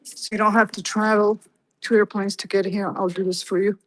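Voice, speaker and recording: A woman's voice: medium pitch, flat delivery, fairly quick, poor audio. A woman streams a walk-through of an old fort museum indoors, a little out of breath. She reads the display cards aloud and chats to her viewers between exhibits. Her voice comes through a handheld phone mic. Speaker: livestream host. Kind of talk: casual livestream museum tour.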